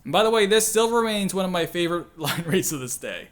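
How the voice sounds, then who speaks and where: A man's voice: high-pitched, lively intonation, quick pace, heavy background noise. A man hosting a casual video commentary, chatty and self-deprecating, with frequent laughs and filler words. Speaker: channel host and voice actor.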